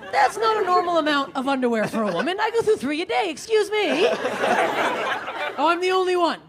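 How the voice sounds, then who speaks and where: A woman's voice: very high voice, very animated, a little fast. A woman from Canada performing a crude stand-up set, teasing the audience and laughing through her lines. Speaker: stand-up comic. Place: comedy club stage. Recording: live club recording with loud crowd and noise.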